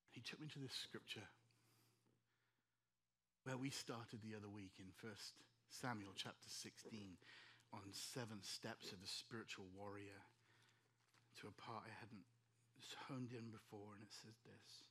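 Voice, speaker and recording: Husky-voiced English pastor preaching. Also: male voice, on the low side, a little slow, long pauses. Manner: emotional, animated storytelling to a congregation. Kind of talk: sermon.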